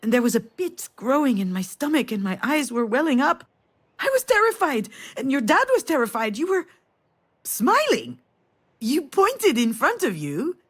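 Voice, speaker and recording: A woman's voice: sits high, big pitch swings, normal speed, breathy edge, full character voice. A tender storytelling mother. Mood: nostalgic. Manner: warm storytelling, intimate. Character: tender mother recalling a family memory. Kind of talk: game voice acting.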